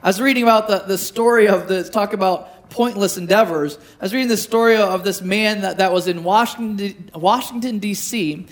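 A man preaching a sermon, animated and storytelling, acting out quoted voices, with frequent restarts and repetitions. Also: high voice, moderate pace, few pauses. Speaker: pastor.

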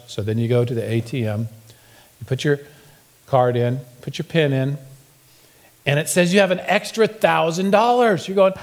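High-voiced playful preacher, man. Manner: playful storytelling, acts out quotes. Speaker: pastor. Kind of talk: humorous sermon. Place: church sanctuary.

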